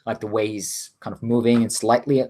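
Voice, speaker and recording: A man narrating a tabletop role-playing game as game master, in a loose, casual way with many pauses and restarts. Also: lowish voice, little pitch movement, mellow, slight background noise. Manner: casual, many ums and self-corrections.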